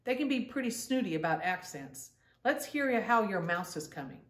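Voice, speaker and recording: Cheeky little animal fairy girl, teasing and quick, read by a woman, echoey room, away from mic. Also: mid-range voice, expressive, distant mic, natural voice. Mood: playful. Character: playful young female animal fairy.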